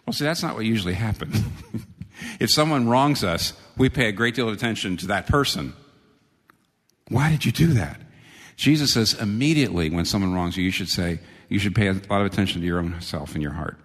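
Male preacher, low and animated, sermon in a reverberant hall. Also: quick pace. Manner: animated, rising sharply for quoted lines. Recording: long reverb of a large hall.

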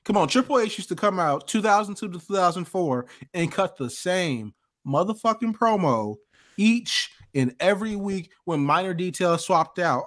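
An animated, argumentative man with a fairly high voice, talking in heavy slang. He pushes back hard in relaxed group banter. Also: moderate pace. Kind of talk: casual wrestling chat.

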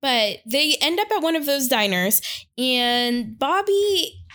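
A woman in casual chat, retelling a film plot with animated storytelling and acting out the characters' lines. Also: high voice, slow pace.

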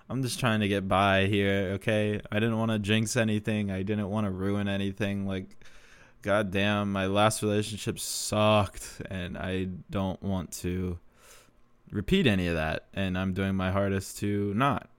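A man's voice: lowish voice, level tone, measured pace, clean tone, dry recording. A young man telling rambling, profane stories in a casual monologue, laughing often. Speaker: show promoter telling stories.

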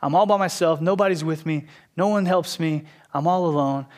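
A man's voice: on the high side, moderate pace, darkish tone, natural voice. A man voicing a despairing prophet who complains that he is all alone, plaintive and self-pitying.

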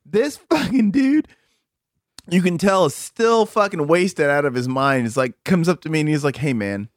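Brief: high-pitched male storyteller, casual and profane, dry close sound. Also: animated, moderate pace, no echo. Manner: rambling storytelling with profanity and laughter. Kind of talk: casual podcast chat.

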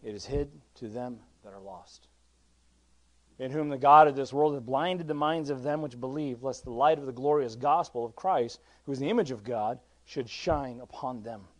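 A man's voice: mid-range voice, normal speed. A man preaching as pastor, talking conversationally with many restarts, rising to emphatic points and reading old-style scripture. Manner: conversational, with frequent restarts and swings from quiet to emphatic; reads scripture in King James wording. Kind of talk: sermon.

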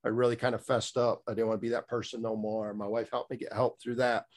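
A man's voice: mid-range voice, flat delivery, fast talker. A middle-aged man telling a candid personal story as a guest, rambling with many fillers and restarts, blunt and a little profane.

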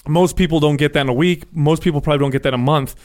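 Smooth-voiced man, casual podcast. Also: on the high side, very fast, darkish tone. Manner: loose and profane, stumbles and restarts. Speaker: podcast co-host.

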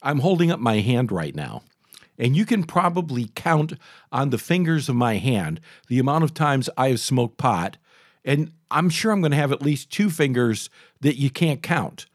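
A man's voice: medium pitch, normal speed, no room sound. An older male talk show host, in his sixties, spins a rambling personal story. His voice rises and falls a lot as he talks, with plenty of restarts. The sound is close and dry. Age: 60s. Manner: chatty, animated, frequent restarts and asides. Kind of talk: casual storytelling monologue.

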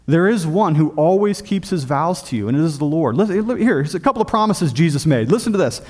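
Emphatic male preacher, slightly high voice. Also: expressive, quick pace. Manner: emphatic preaching, dropping low and soft on key points. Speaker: pastor. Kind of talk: sermon.

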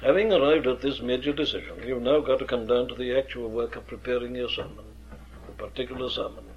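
A man's voice: mid-range voice, fast talker. A man, an experienced preacher lecturing earnestly on how to preach, with emphatic rhetorical questions. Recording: dull lo-fi archive recording.

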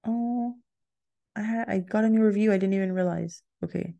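A woman's voice: medium pitch, moderate pace, vocal fry, mellow, dull audio. A young woman from Texas, hosting her solo podcast in a rambling, chatty way, often laughing and breaking off mid-sentence. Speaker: podcast host. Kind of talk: casual solo podcast chat.

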